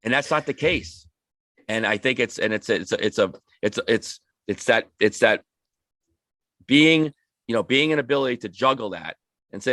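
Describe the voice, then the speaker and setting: A man's voice: mid-range voice, lively intonation, moderate pace, pushed and bright, no echo, clean studio sound. A man on a hockey podcast panel, talking about coaching in casual chat, rambling with many restarts and repeated words.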